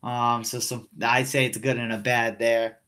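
A man's voice: mid-range voice, level tone, moderate pace, pushed and bright. A young man hosting a casual wrestling chat podcast, laid-back and self-mocking, rambling with lots of fillers. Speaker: podcast host.

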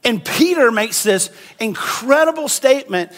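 A pastor delivers a sermon in a conversational way. His voice sits high for a man. He acts out the people in his story with animated delivery. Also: measured pace. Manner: animated, conversational preaching with acted-out quotes.

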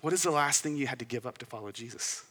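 A man preaching a sermon in a relaxed, conversational way, often putting questions to his listeners. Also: medium pitch, quick pace. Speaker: pastor. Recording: long hall reverb.

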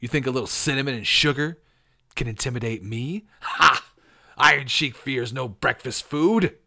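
A man putting on a tough wrestler voice to read out a loud, intense promo. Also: medium pitch, moderate pace, creaky, full character voice.

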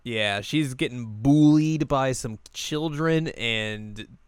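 A man co-hosting a casual chat, recapping a cartoon episode and acting out the characters' lines in quick put-on voices. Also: mid-range voice, smooth, no room sound, clean studio sound. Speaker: podcast co-host.

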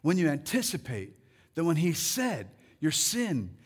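A man preaching a sermon as pastor, building his voice into loud, rousing calls to the congregation. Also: a little high, wildly swooping pitch, a little slow, slightly rough.

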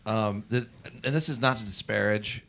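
A man co-hosting a podcast from a hospital room, talking in a relaxed, agreeable way. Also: on the low side, moderate pace, vocal fry, a little hiss or hum. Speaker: podcast co-host. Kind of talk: casual podcast chat.

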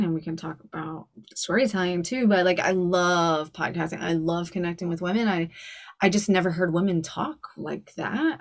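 Woman, forties, lowish voice, chatty storyteller, laughs a lot, podcast guest. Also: a bit bright. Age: 40s. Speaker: guest style coach. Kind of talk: casual podcast interview.

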